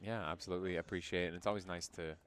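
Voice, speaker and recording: A man's voice: sits low, fairly even intonation, very fast, a bit bright, slight background noise. A young man commentating a live esports match, chatty and self-deprecating, trailing into fillers as he talks. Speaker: esports caster.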